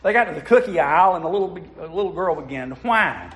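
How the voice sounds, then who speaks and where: A man's voice: on the high side, fairly quick, few pauses, a bit bright. A man preaching a sermon, telling stories in a folksy way and putting asides to the congregation. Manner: folksy storytelling with audience asides.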